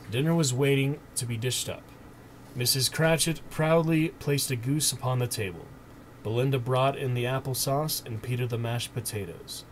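Streamer reading a storybook aloud, mid-pitched man, gentle and expressive, faint hiss behind.

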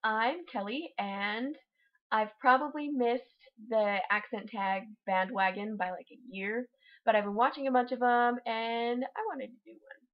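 A woman's voice: fairly high pitch, measured pace, highs cut off. A young woman from Utah with a Utah accent, chatting casually and reading a word list with wry, offhand humor. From Utah, USA. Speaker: vlogger.

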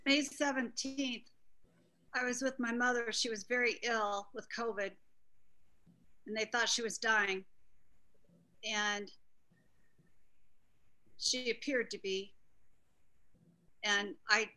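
Bright-voiced woman telling a heartfelt story. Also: a little high, steady tone, low-quality recording. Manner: earnest, heartfelt, halting. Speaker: group participant. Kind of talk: personal story in group discussion.

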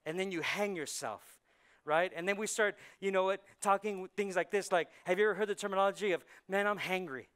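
A man preaching a conversational sermon as pastor, swinging from soft asides to loud punchlines. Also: high-pitched, a little fast, clean tone. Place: church sanctuary.

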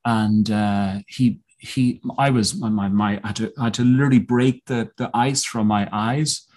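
A man being interviewed as a guest, telling a personal story in a reflective, earnest way with many pauses and restarts. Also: lowish voice, fairly even intonation, a little mellow. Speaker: podcast guest, mountaineer.

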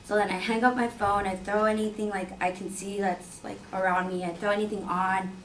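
A young woman telling a personal story in a casual, filler-heavy, animated way. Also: medium pitch, fairly quick, a little hiss or hum. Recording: roomy sound from a distant mic.

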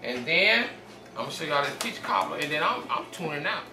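A man's voice: a little high, expressive, brisk, music in the background. A tired man hosting a casual cooking demonstration in his home kitchen, chatting folksily to viewers as y'all. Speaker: home cook and channel host. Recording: echoey kitchen from a distance, noisy background.

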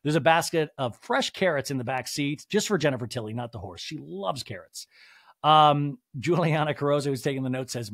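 A man's voice: fairly high pitch, moderate pace, no echo, clean studio sound. A man hosting a podcast, giving a comedic recap of a reality TV episode and acting out the cast's dialogue. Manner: animated, acts out the scene's dialogue. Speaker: podcast host.

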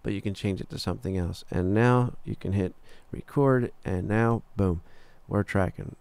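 Lowish gravelly guy walking through a recording tutorial, laid back, dry close sound. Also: normal speed, no echo. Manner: relaxed, talks through steps as he clicks, frequent "uh" and "boom". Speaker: recording engineer teaching software. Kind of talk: screen-recorded software tutorial.

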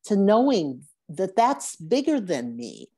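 A woman's voice: mid-range voice, sing-song, mellow, breathy edge. A woman in a spiritual study group, speaking earnestly and searching for her words. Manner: earnest, searching, halting restarts. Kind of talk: casual spiritual discussion.

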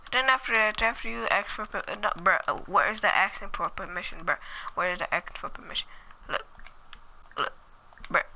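A woman's voice: medium pitch, pushed and bright, slight background noise, poor audio. A woman giving casual, slangy gameplay commentary, chatting to viewers and muttering asides to herself as she plays. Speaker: gaming channel host.

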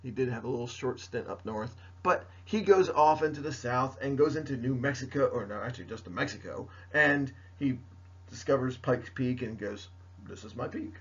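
Jokey male teacher, raspy, lo-fi lecture recording. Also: medium pitch, moderate pace, a bit bright. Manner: playful, jokey, talks straight to students. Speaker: history teacher. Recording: dull lo-fi recording.

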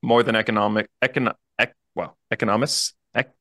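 A man's voice: lowish voice, steady tone, sharp tone, dry recording, clean studio sound. A man with a Canadian accent co-hosting a podcast in casual chat, sometimes reading news aloud, chatty and joking at his own slips. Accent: Canadian English. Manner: fast, chatty, jokes and laughs at own slips. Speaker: podcast co-host, realtor.

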